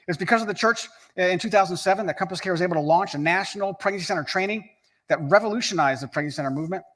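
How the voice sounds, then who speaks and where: A man's voice: fairly high pitch, fairly bright tone. A man. He is earnest and emphatic, and he stacks up repeated phrases to build momentum. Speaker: rally speaker. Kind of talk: scripted speech.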